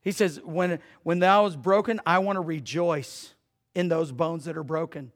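Man, pastor, high-pitched, chatty sermon delivery with big swings in volume. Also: steady tone, moderate pace. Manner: conversational preaching, jokes with the congregation, swings from loud to hushed.

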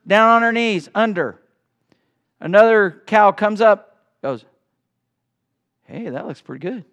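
A middle-aged male pastor preaching a sermon in a church, swinging between loud bursts and hushed asides. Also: high voice. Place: church sanctuary.

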